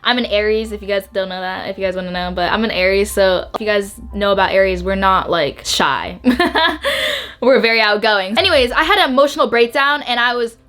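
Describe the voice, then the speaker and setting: A woman's voice: medium pitch, sing-song, fairly quick, fairly bright tone. A young woman YouTuber telling an emotional storytime to camera, bubbly and emphatic, repeating words and saying "like" a lot.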